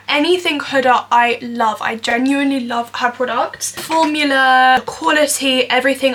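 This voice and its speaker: In her twenties, this vlogger chats openly while doing a makeup tutorial, leaning heavily on "like" and "you know." She speaks in a slightly high, sharp, husky voice.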